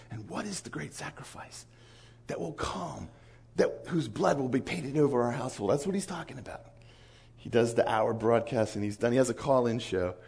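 A man preaching a sermon, telling a story with animated acted-out dialogue. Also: mid-range voice, slightly rough.

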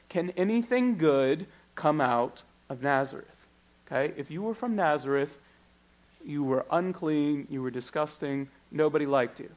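Preacher, man, high-pitched, lively and joking, reads scripture with slow emphasis. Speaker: teacher. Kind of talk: sermon.

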